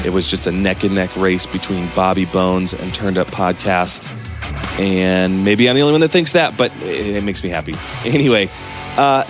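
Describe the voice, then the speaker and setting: A man with a fairly low voice hosts a podcast in a playful, joking way. His talk is casual and friendly. Faint music plays behind him. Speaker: podcast co-host. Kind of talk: casual podcast intro and chat.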